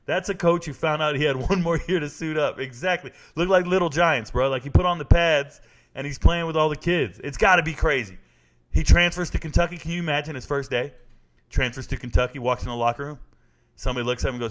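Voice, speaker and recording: Forties guy doing a live sports talk stream, jokey and blunt, slangy, voice sits a bit high. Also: fairly quick. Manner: animated, joking, blunt, slangy. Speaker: sports talk host reading chat.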